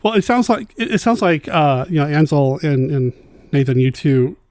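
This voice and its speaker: A man hosting a podcast, asking his guests questions in a halting way with restarts. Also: a little high, expressive, darkish tone, no echo, clean studio sound. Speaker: podcast host. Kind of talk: interview questions.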